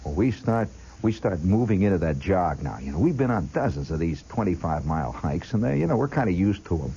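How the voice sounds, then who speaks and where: A man with a low, husky voice tells a rambling personal story as a monologue. His pitch swoops up and down expressively, and he talks straight to the listener. He mimics clinks and other sounds with his voice as he goes. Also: very animated, a little fast, warm tone, low-quality recording. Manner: chatty, addresses the listener directly.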